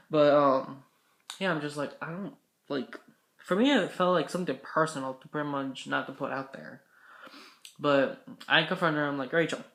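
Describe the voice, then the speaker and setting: A man's voice: medium pitch, gravelly, a bit bright, reverberant. A young man vlogger telling a story casually, rambling and correcting himself, swearing now and then.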